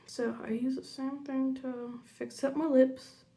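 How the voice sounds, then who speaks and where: A young woman chatting casually through a makeup tutorial, rambling into side stories and muttering quietly while she works. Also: high voice, level tone, measured pace, gravelly. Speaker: makeup vlogger.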